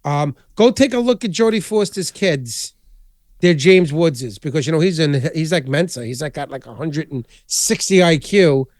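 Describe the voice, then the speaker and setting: A man hosting a podcast, chatting casually in a rambling, animated way and swearing constantly. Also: on the high side, moderate pace, no room sound, clean studio sound. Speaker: podcast host. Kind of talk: casual chat.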